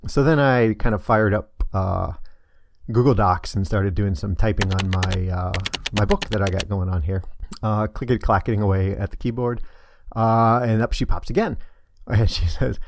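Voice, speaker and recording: A man's voice: on the low side, moderate pace, vocal fry, no echo, clean studio sound. A middle-aged man casually telling a personal story on his vlog, hesitant and full of fillers. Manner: rambling, hesitant, many fillers. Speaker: vlogger.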